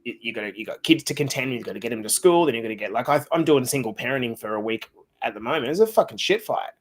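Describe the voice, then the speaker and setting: A man's voice: mid-range voice, expressive, fast talker. A man hosting a casual podcast chat, blunt and swearing freely. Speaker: podcast host.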